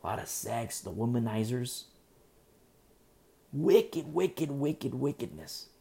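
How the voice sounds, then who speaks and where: A male pastor preaching a sermon in a dark, mellow voice with a gravelly fry. He repeats phrases for emphasis and often stumbles and restarts mid-sentence. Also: medium pitch, very animated, takes it slowly. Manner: repetitive, emphatic, with frequent restarts.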